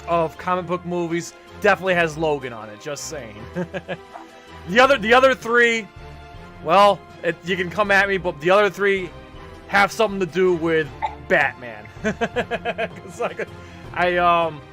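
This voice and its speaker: A man in casual chat, speaking haltingly and restarting his sentences often. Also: high-pitched, expressive, pushed and bright, soft background music.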